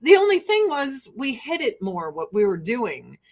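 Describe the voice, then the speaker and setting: Animated, profane American woman on livestream. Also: on the high side, normal speed. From United States. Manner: blunt and profane, laughing often. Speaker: livestream host selling skincare. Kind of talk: casual livestream rant.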